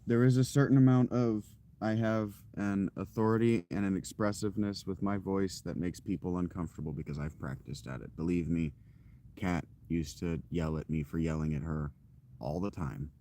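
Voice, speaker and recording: A man in his thirties chatting casually with his stream while walking outdoors, rambling with fillers and self-corrections in a loud, projecting voice. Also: low voice, fairly even intonation, normal speed. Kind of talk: casual live-stream chat. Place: outdoors, walking through a parking lot.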